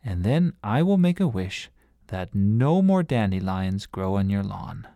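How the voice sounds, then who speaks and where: A man's voice: on the low side, big pitch swings, measured pace, gravelly, warm tone, no room sound, clean studio sound, heavily acted. A man reading a storybook aloud and voicing a curious, chatty young girl who is pleased with her own cleverness. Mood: proud.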